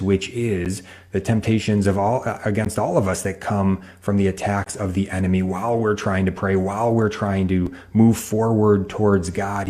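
A man hosting a talk show, speaking in a measured, explanatory way and addressing the viewers. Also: fairly low pitch, dark tone. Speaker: host.

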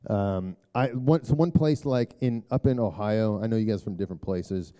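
Dark-voiced middle-aged man preaching casually. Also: moderate pace. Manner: rambling and conversational, heavy filler words, frequent throat clearing; turns hushed and low for prayer. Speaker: speaker addressing a church group. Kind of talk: storytelling sermon talk.

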